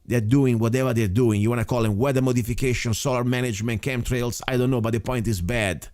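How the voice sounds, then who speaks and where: A man's voice: medium pitch, fairly even intonation, fast, darkish tone, no echo, studio quality. A man hosting a radio show, speaking English in an emphatic, rambling way. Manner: emphatic, rambling, non-native phrasing. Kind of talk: casual radio talk.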